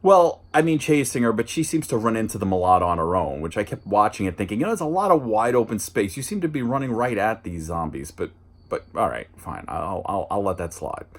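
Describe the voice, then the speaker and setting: A man's voice: very animated, a little fast. A man hosting a casual movie review, rambling and chatty, with restarts and dry asides. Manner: jumps higher and louder when mimicking lines.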